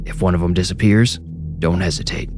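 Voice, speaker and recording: A man voicing a gruff, seasoned older police officer who gives low, clipped orders. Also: fairly even intonation, a little fast, over music, lightly acted. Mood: calm command.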